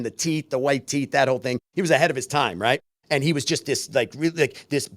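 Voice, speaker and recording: Animated storytelling man, lively pitch. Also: no echo, studio quality. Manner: animated storyteller, acts out quoted voices. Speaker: podcast co-host. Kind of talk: casual podcast chat.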